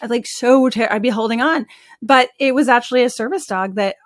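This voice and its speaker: Brief: woman in her thirties, fairly high voice, chatty storyteller guest with lots of "like" fillers, dry close sound. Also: brisk, no echo. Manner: chatty and animated, with frequent "like" fillers. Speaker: animal communicator and medium, podcast guest. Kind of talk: casual storytelling in an interview.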